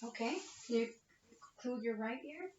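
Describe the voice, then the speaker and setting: This woman, a nursing student, walks a patient through a physical exam step by step in a narrated demonstration, checking "okay?" over and over. She has a high voice and a moderate pace. The laptop webcam picks up some hiss or hum, sounding roomy, distant, and muffled.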